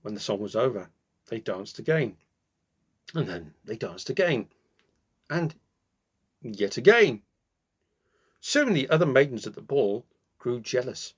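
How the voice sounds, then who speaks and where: A man reading a fairy tale aloud, with slow, expressive pacing and dramatic pauses. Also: mid-range voice, husky. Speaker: storyteller.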